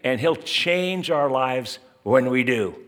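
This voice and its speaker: Male pastor, sermon, lively swinging pitch, chatty asides, mid-range voice. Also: slow pace. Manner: animated, conversational preaching with asides to listeners.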